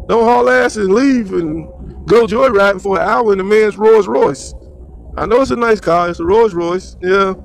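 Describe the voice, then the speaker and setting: A man's voice: high voice, moderate pace, creaky, a little hiss or hum. A man giving slangy, rambling solo commentary on the news.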